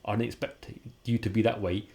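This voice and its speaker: A man talks quickly in a fairly low voice. He tells candid stories from his own life and slips into the voices of the people he quotes. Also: flat delivery, creaky, a little mellow. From London, England. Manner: casual, acts out quoted dialogue in his stories. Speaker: podcast guest. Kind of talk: candid personal storytelling.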